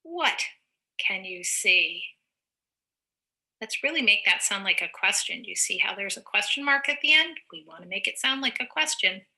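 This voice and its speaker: Teacher lady reading a kids book out loud, slow and encouraging, super bright voice with some vocal fry. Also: mid-range voice, lively intonation. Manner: slow, encouraging, explains words simply. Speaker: teacher reading aloud to children. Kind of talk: read-aloud lesson for young children.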